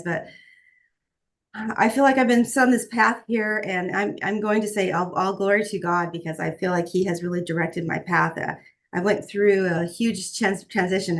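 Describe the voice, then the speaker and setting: Woman, gravelly, earnest motivational speaker on a video call. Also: lowish voice. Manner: warm, earnest, faith-filled, many restarts. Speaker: guest speaker. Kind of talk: motivational talk on a group call.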